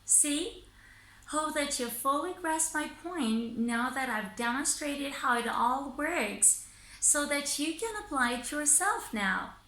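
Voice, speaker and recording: A woman teaching English in a scripted lesson, speaking slowly and deliberately and pausing between phrases. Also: high voice, animated, sharp tone, echoey room, low-quality recording. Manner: slow, deliberate, pausing by thought groups.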